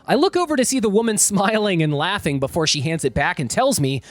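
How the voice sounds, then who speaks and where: Lively, expressive male story reader. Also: high-pitched, brisk, few pauses, no room sound. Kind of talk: reading online stories aloud with commentary. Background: faint background music.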